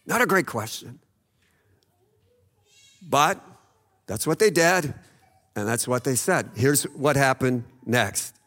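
A man's voice: mid-range voice, animated, slow, long pauses, fairly bright tone, long reverb tail. A man preaching a sermon, retelling a Bible story in a conversational way, often checking in with "okay?" and acting out the voices in it. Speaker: pastor.

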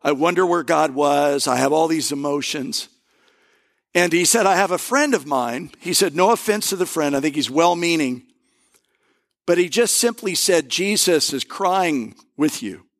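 A male pastor giving a conversational sermon, telling stories and slowing down to stress key words. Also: fairly high pitch, lively intonation, vocal fry. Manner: conversational preaching with storytelling and emphatic pauses.

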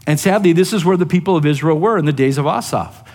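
A man's voice: on the high side, fast, darkish tone, in a large hall. A man preaching a sermon as pastor, in a conversational way that keeps asking the listeners "right?". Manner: conversational, often asks "right?".

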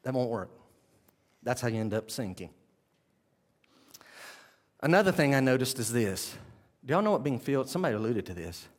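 A man preaching a sermon, talking straight to the congregation and swinging between loud emphasis and quiet intensity. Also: medium pitch, big pitch swings, moderate pace, long pauses. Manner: conversational, addresses the congregation directly.

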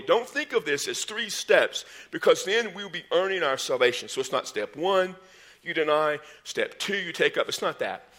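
A man preaching a sermon, animated, rising in pitch and volume to stress his points, with folksy asides. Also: normal speed. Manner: folksy asides and sports metaphors. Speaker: pastor.

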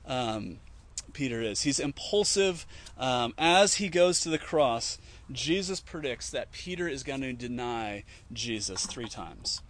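A man's voice: mid-range voice, lively intonation, a little slow. A man giving an informal teaching talk, conversational, with many fillers and restarts, acting out quoted lines as he retells scenes. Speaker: Christian teacher.

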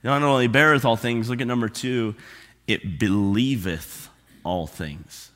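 Bright-voiced preacher man in a reverberant hall. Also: mid-range voice. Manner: emphatic preaching, repeats key phrases slowly. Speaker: pastor. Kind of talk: sermon. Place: church sanctuary.

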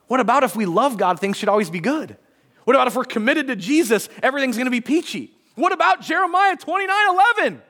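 A man's voice: very high voice, animated, fast talker, pushed and bright. A male pastor giving a conversational sermon in a church, reading passages aloud and briefly acting out quotes. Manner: conversational, acts out short quotes, many restarts.

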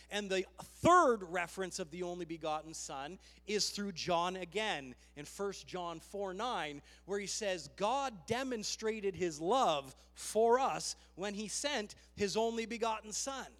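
A man preaching a sermon with a very high voice, rallying his listeners with emphatic calls. He sounds a little out of breath. His voice rings with the long reverb of a church hall. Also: fairly bright tone. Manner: emphatic, rallying with "Amen?" and "Come on". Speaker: pastor.

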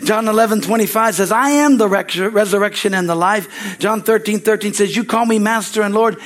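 High-voiced preaching pastor. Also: male voice, a little fast. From United States. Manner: excitable preaching, rising to loud exclamations; repeats phrases for emphasis, calls for amens. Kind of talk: sermon.

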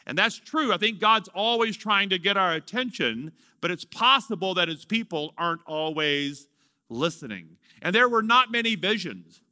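Preaching a sermon, a man in his fifties stretches out key words for drama and acts out the lines of the story. He's a pastor with a high, animated, bright and forceful voice, speaking at a moderate pace. The studio sound is clean, with no room sound.

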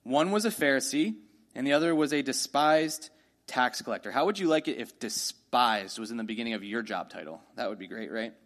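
Guy preaching a sermon, chatty, keeps asking "right?", reads verses slow. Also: medium pitch, fairly bright tone. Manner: conversational, asks the listeners rhetorical questions; reads scripture aloud slowly. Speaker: pastor.

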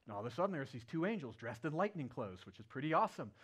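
High-voiced man preaching a storytelling sermon. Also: rapid-fire, slightly rough. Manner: animated, playful retelling with acted-out quotes. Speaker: pastor.

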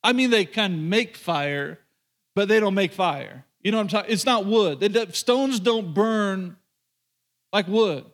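High-voiced male preacher telling a story. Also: a little slow. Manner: animated, conversational, addresses listeners directly. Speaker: pastor. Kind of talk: sermon storytelling.

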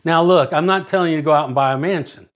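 A middle-aged man preaching with an earnest, repetitive delivery, his voice sitting a little high for a man. He leans on repeated phrases to drive points home and sinks almost to a hush when the story turns personal. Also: fast talker. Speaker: pastor. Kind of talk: sermon.

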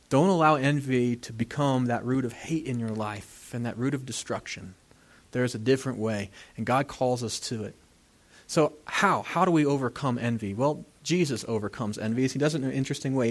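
A pastor preaching a sermon in a church, talking animatedly and acting out the voices of people he quotes. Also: medium pitch.

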